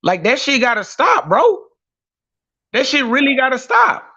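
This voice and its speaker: A man's voice: very high-pitched, huge pitch swings, unhurried, sharp tone, husky. A man in a heated online audio debate, exasperated and slangy. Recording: dull lo-fi audio-room stream.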